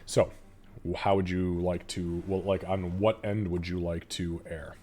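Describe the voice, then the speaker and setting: A man running a live tabletop game as game master, narrating and swearing freely in an animated way. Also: sits low, a little slow, slight background noise.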